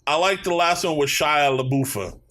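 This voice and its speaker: A man's voice: a little high, moderate pace, pushed and bright. A man from Canada hosting a podcast, swearing freely and rambling through his opinions in casual chat. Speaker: podcast host.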